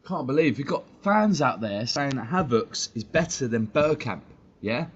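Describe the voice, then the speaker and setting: A man's voice: medium pitch, animated, moderate pace. A man tears into his critics in a heated, swear-laden live-stream rant. His voice sits in an ordinary middle register. The stream audio is dull and lo-fi with a faint hiss underneath. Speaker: fan channel host. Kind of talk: ranting live-stream commentary.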